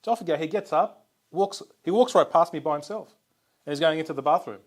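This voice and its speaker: Man telling a lively security story. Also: on the high side, quick pace. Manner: lively anecdotes with laughs. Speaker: podcast co-host. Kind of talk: casual storytelling in conversation.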